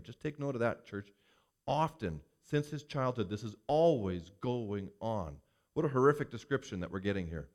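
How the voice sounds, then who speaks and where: A pastor reading a scripture passage aloud and then preaching on it, repeating points for emphasis. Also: male voice, medium pitch, expressive, normal speed, darkish tone. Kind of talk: sermon.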